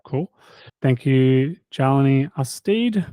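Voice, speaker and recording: A man's voice: medium pitch, animated, slow, mellow, clear, resonant tone, no echo. A man hosting a health channel in casual chat, reading out a list of subscriber names with jokes and stumbling over the harder ones. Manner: jokey, stumbles over hard names with quips. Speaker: health coach and channel host.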